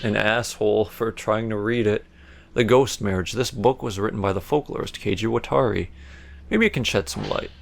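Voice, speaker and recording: A man's voice: on the low side, creaky, a little hiss or hum. A man commentating a horror game playthrough, sarcastic and jokey, talking back to the game and reading its notes aloud. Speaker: gaming video host. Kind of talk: let's play commentary.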